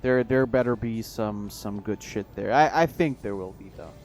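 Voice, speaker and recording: Streamer, male, low-pitched, profane and rambling, with halting restarts. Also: darkish tone, slight background noise. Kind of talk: casual stream chat.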